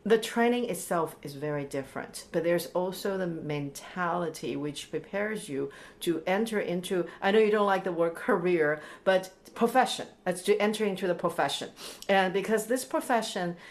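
A woman hosting an interview, who responds warmly to her guest and laughs along before steering into reflective talk. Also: on the low side, expressive, moderate pace. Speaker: host. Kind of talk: interview conversation.

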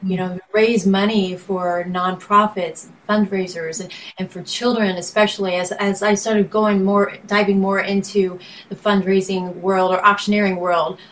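A woman's voice: medium pitch, level tone, moderate pace, hardly any pauses, a bit bright, a little hiss or hum, rough recording. A woman singer-songwriter and benefit auctioneer talking casually as an interview guest, rambling, restarting sentences and laughing often.

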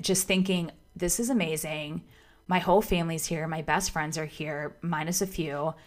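A woman with a somewhat low-pitched voice recounts a personal story in a relaxed, chatty way. She gushes, restarts her sentences, and fills them with "like.". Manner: chatty and gushing, full of "like" and restarts. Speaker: vlogger telling her proposal story. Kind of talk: casual storytime chat.

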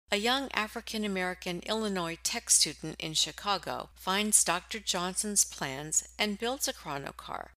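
A woman's voice: mid-range voice, sharp tone. A woman reading a polished, promotional introduction to a story. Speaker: program announcer. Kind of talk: scripted introduction.

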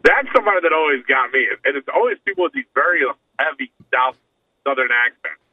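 A man co-hosts a podcast full of casual comedic banter, rambling and cutting off his own sentences to restart them. He talks fast in a sing-song, mid-range voice, with no echo but a tinny, phone-line sound.

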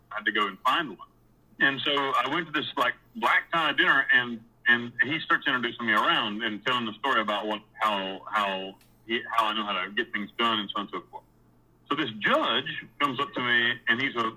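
A man's voice: medium pitch, husky, rough recording. A man telling his own story in a casual, rambling way, with blunt and profane words and many restarts and repeated words. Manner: animated when recounting scenes.

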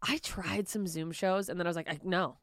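A woman's voice: lowish voice, steady tone, a little fast, no echo. A woman comedian chatting casually as a studio guest, loose and joking, swearing and laughing often. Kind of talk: casual podcast chat.

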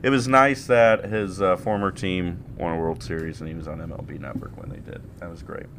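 A man's voice: low voice, steady tone, a little fast, a bit bright, a little hiss or hum. A man co-hosting a casual sports podcast, joking and swearing through the banter. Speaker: podcast co-host.

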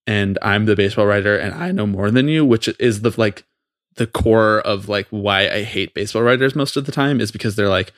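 A man co-hosting a podcast, ranting in a fast, profane, exasperated way about something that annoys him. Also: on the low side, no echo, studio quality. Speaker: podcast co-host. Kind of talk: heated casual podcast rant.

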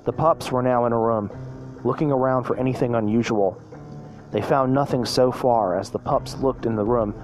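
A man's voice: medium pitch, fairly even intonation, moderate pace, darkish tone, faint music behind. A man reading a fan story aloud in a plain voice, sometimes stumbling and restarting.

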